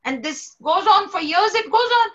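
A woman, a spiritual teacher telling a devotional story in a lively way and acting out the characters' voices. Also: very high-pitched, normal speed, lo-fi sound.

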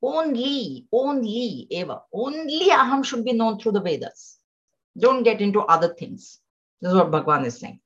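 A woman teaching scripture to a class, patiently explaining, repeating phrases and chanting some of them slowly. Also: a little high, big pitch swings. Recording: dull lo-fi sound.

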